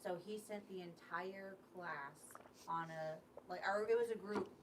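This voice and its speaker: A woman's voice: fairly low pitch, measured pace, background noise. A woman co-hosting a casual livestream, telling a funny story with laughter. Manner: laughing, lively anecdote teller. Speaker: co-host.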